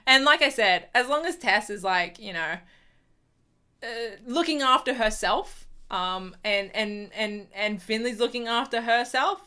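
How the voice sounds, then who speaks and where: A woman's voice: on the high side, lively intonation, measured pace, pushed and bright, smooth. A young woman, chatting casually about a TV episode in a review vlog, full of fillers and exasperated restarts. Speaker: TV review vlogger.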